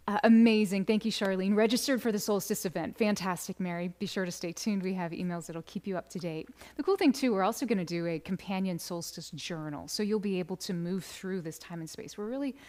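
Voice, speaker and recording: A woman hosting a live stream, reading viewer comments aloud in a soft voice that often drops to a whisper, with bursts of laughter and sung birthday greetings. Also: medium pitch. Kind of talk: live stream chat, gentle and affirming.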